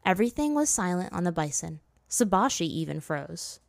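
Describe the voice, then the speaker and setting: A woman's voice: expressive, fairly quick, creaky, few pauses, dry recording. Woman reading a story, dry close sound. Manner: voices characters with raised pitch. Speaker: narrator. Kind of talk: reading fan fiction aloud.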